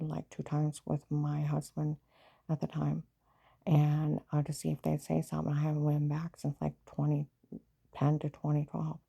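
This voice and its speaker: Woman, low gravelly voice, flat dark husky tone, rambling agitated personal account. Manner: agitated, jumps between events, often quotes others. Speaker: vlogger telling her own story.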